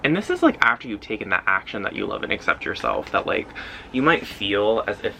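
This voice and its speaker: A man's voice: on the low side, big pitch swings, a little fast, gravelly, pushed and bright, slight background noise, rough recording. A man giving a casual pick-a-card tarot reading, loose and intuitive, often filling his talk with "like". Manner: loose and intuitive, heavy use of "like" fillers. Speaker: tarot reader.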